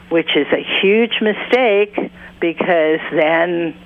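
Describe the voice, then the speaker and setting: A counselor and author speaks as an interview guest over a narrow, tinny phone line. The delivery is earnest and unhurried, dropping into quick put-on voices to act out what clients and parents say. The pitch sits in a middle range. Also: no room sound. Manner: unhurried, earnest, acts out quotes in other voices.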